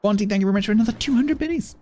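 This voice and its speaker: A man with a high-sitting, dark-toned voice races along while streaming a naval game. He's chatty in this casual live-stream, thanking viewers between remarks about his play.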